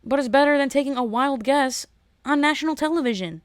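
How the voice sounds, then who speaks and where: A woman hosting a podcast, ranting in a casual, animated way and often restarting and repeating her words. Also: sits high, a little fast, no echo, clean studio sound. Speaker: podcast host. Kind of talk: casual solo rant.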